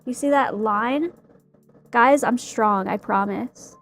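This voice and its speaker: A woman's voice: fairly high pitch, measured pace, soft background music. A woman streaming casually from an indoor workspace as she works on a craft, laughing often and exclaiming in mock fright. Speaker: streamer making a cosplay prop. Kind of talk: casual live-stream chat.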